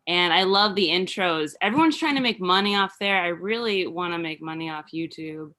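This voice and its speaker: A woman doing a rambling, halting stand-up set full of fillers over a video call. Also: lowish voice, pushed and bright. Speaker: stand-up comedian.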